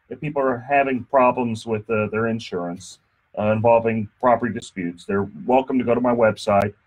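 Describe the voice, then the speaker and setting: A man hosting a casual radio talk show, chatty and joking, with many fillers, speaking in a radio studio. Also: mid-range voice. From Texas. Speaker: radio show host and insurance attorney.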